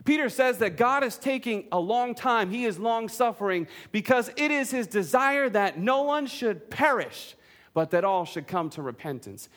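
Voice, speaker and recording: A man's voice: very high voice, animated, moderate pace, fairly bright tone. A man preaching a sermon, earnest and direct, asking the congregation questions and joking in between. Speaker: pastor.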